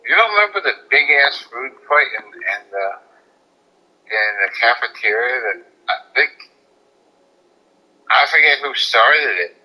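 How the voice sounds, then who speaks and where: Rambling man telling stories, bright thin tone. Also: medium pitch, sing-song, a little slow, long pauses, breathy edge, poor audio. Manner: rambling, filler-heavy anecdotes. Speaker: streamer. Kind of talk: casual storytelling chat.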